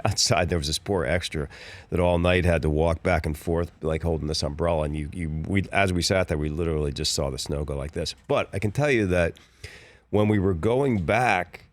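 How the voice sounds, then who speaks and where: A man in his sixties from Philadelphia, an actor guest telling rambling, relaxed stories on a talk show. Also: low voice. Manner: relaxed, rambling storyteller with restarts and laughs. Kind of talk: casual interview chat.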